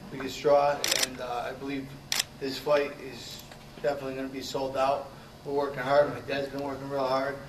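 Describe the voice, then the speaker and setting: A man from Connecticut, a boxer at a press conference, speaking earnestly and self-promotingly with many hesitant pauses. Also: medium pitch. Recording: echoey room, far mic, background noise, camera clicks.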